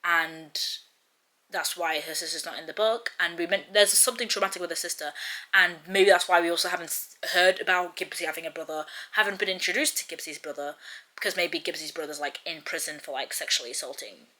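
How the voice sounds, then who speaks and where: A woman's voice: fairly low pitch, a little fast, pushed and bright, rough recording. A young woman chatting casually in a reading vlog, reacting aloud and talking about books. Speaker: book vlogger.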